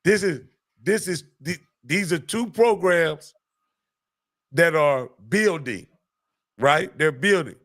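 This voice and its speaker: A man hosting a casual sports picks chat, folksy and relaxed, calling his partner "Coach" again and again. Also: fairly high pitch, slow pace, long pauses. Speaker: host.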